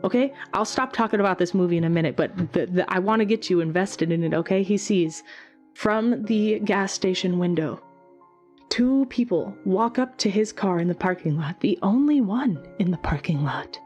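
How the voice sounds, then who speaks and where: A woman who is a singer, chatting casually in a Q&A video, retelling things with animated energy and plenty of swearing. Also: medium pitch, moderate pace, soft background music. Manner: animated, swears freely, many fillers. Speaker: singer and channel host. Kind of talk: casual Q&A storytelling.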